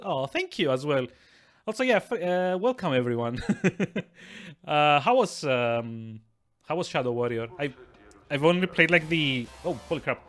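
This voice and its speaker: A man's voice: mid-range voice, a bit bright. A man streaming a game live at his desk, chatting casually with viewers in a rambling way, with stammering restarts and frequent chuckles. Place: at his desk with two screens.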